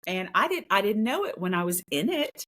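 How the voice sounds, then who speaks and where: A woman's voice: medium pitch, big pitch swings, brisk, fairly bright tone. A woman working as a paranormal investigator tells a story in an earnest, casual way, repeating phrases for emphasis.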